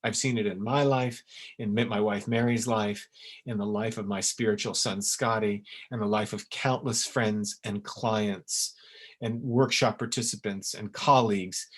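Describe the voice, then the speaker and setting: A man teaching in a webinar, in an earnest and emphatic way, with sudden lively jumps in pitch. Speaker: essence maker teaching a webinar. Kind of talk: webinar talk. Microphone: webinar recording.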